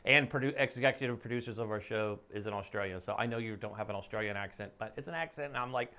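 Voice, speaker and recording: Middle-aged male host, casual and chatty, quick to joke. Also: on the low side, sharp tone. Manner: chatty, jokey, rambling with restarts. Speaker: podcast host. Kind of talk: casual interview chat.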